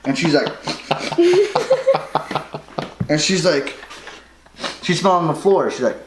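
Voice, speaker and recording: A man's voice: high-pitched, huge pitch swings, slow pace, long pauses. A young man co-hosting a podcast, telling a rambling drunk story with lots of swearing and laughter. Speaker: podcast co-host. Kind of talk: casual chat. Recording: echoey room with noise.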